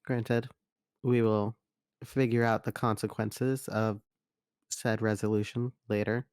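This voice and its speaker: A man's voice: lowish voice, level tone, takes it slowly, a little mellow, smooth, no echo, studio quality. A man playing his character in a tabletop game, earnest and hesitant, often restarting sentences. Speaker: player. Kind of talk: in-character tabletop role-play.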